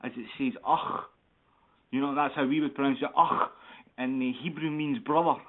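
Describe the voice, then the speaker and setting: A man talking as a radio guest, excitable and rambling, swearing casually. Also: medium pitch, brisk. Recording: tinny phone-like line.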